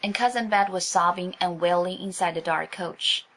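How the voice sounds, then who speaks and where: A woman narrating a children's audiobook in a clear, even storytelling manner. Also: on the low side, normal speed.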